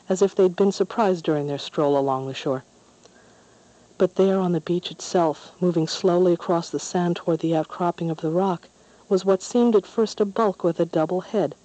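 A narrator reading a children's story aloud in a calm, measured way. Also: mid-range voice, poor audio.

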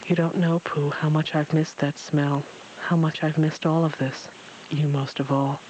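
A man voicing a wise, gray-haired old man in a storybook reading, gentle, measured and grave. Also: a little high, little pitch movement, muffled recording, a little hiss or hum, natural voice. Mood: wistful. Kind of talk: storybook read-aloud.

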